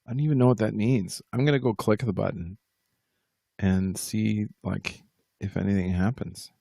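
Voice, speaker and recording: Streaming casually from home, this musician rambles along, teasing himself and addressing his chat directly. His fairly low, dark voice has vocal fry and a steady tone at a normal speed. The recording is studio quality with no room sound.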